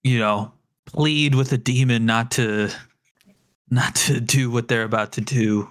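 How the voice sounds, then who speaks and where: A man co-hosting an anime review podcast, chatting casually, animated and laughing often. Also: medium pitch, measured pace. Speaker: podcast co-host. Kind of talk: casual chat.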